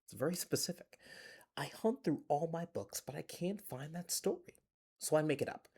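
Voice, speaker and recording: A man reading a bedtime picture book aloud to children in a gentle, playful storyteller voice, recorded on a phone in a closed library. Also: a little high, lively intonation, normal speed, slightly rough.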